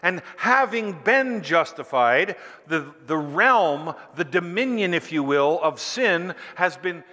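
A man's voice: a little high, expressive, slow, pushed and bright, big-room sound. A man preaching a sermon as pastor, stretching key phrases out for emphasis.

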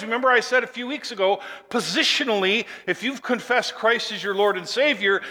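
A male pastor preaching a sermon, emphatic and building to forceful declarations, leading the congregation in call and response. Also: very high voice, long reverb tail.

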